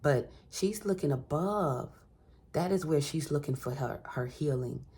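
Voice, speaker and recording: A woman's voice: low voice, unhurried, a little mellow, slightly rough. A woman giving an encouraging collective tarot reading, repeating phrases for emphasis and calling the listener baby and honey. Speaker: tarot reader.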